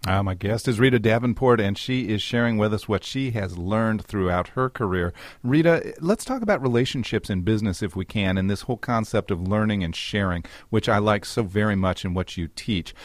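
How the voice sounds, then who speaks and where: A man hosting a radio interview, introducing his guest and asking measured, friendly questions. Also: lowish voice, lively intonation, no room sound. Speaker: radio host.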